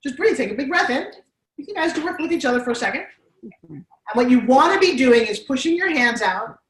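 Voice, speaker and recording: A woman's voice: high voice, brisk, distant mic. A woman with a New York accent, leading a live workshop and guiding students through exercises. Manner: animated, coaxing instructor directing students. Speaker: on-camera presence coach. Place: classroom. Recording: echoey classroom from afar.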